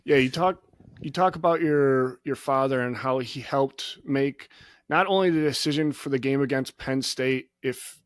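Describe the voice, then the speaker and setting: A man's voice: medium pitch, normal speed, no echo. A man hosting a podcast, easygoing, laughing along and asking long, rambling questions. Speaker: podcast host. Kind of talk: casual podcast interview.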